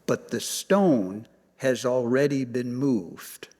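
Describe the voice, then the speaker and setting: A male pastor preaching a storytelling sermon, swinging from loud emphasis down to near-whispers and repeating key phrases. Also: medium pitch, slow, in a large hall. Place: church sanctuary.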